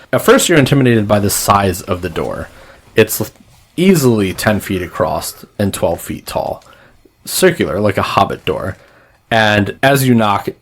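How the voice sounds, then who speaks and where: A man narrating a tabletop role-playing game as game master, telling the story in an animated way. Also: lowish voice.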